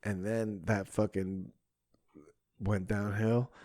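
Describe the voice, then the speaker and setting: A man's voice: fairly low pitch, level tone, slow pace, darkish tone, no room sound, studio quality. A young adult man, a podcast host and stand-up comedian, telling a story in casual chat and acting out his own stage lines.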